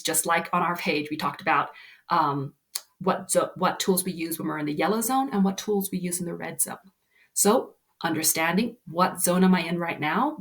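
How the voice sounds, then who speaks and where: Gentle woman coaching kids. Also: lowish voice. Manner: gentle, reassuring, often ending with "right?". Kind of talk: explaining lesson to children.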